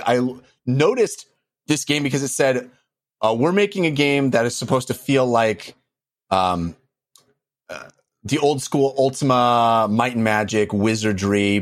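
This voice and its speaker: A man's voice: medium pitch, no room sound, clean studio sound. A man hosting a podcast, talking enthusiastically and rambling a bit, with lots of fillers. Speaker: podcast host. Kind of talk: casual podcast chat.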